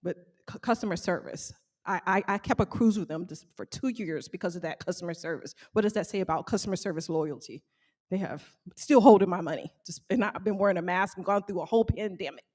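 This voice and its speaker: A woman who owns a small bakery gives a motivational talk to a live audience, animated and calling out questions to the crowd. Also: fairly low pitch, a little fast. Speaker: small bakery owner speaking to fellow business owners.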